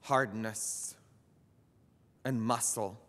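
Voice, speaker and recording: A male priest delivers a sermon at a very slow, deliberate pace, his voice bright and sharp. He leans on emphatic phrases that build to loud peaks. The sound carries a long church reverb. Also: on the low side, fairly even intonation. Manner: slow, emphatic preaching that swells to loud climaxes. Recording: echoey church hall.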